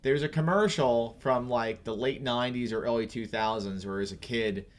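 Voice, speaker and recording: Young male co-host, mid-pitched, ribbing his partner, easygoing stream chatter. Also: normal speed. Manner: teasing, loose and rambling. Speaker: podcast co-host. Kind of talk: casual livestream chat.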